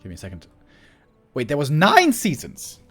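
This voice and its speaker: A man commentating a strategy game match solo, chatty and excitable, laughing often and rambling off-topic. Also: on the high side, moderate pace, husky, faint music behind. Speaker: esports caster.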